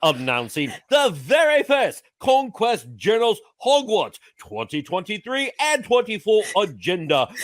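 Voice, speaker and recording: Lively, high-voiced man reading a sponsor spot. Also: no room sound. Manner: lively, playful. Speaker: co-host. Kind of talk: sponsor read and banter.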